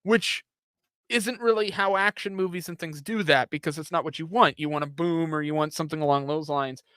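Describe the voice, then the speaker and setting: Man, reaction show host, blunt, profane, casual commentary, high voice, dry sound. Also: a little fast, a bit bright, clear, resonant tone, dry recording.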